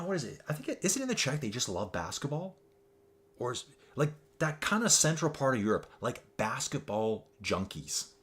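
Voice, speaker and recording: A man's voice: fairly low pitch, fairly bright tone. Upbeat man calling a virtual bike race. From Canada. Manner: chatty and upbeat, keeps saying folks. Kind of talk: casual race commentary.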